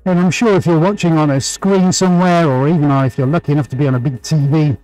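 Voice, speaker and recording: A chatty man talks viewers through his painting on a live stream. His voice sits a little high, he laughs easily and reads out greetings by name. Soft music plays in the background. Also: steady tone, quick pace, dry recording, rough recording. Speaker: livestream painting host.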